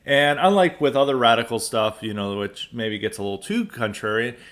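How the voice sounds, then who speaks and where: A man's voice: medium pitch, brisk, fairly bright tone. Sarcastic American man hosting a podcast. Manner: sarcastic, emphatic, frequent restarts. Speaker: podcast host. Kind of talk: political commentary monologue.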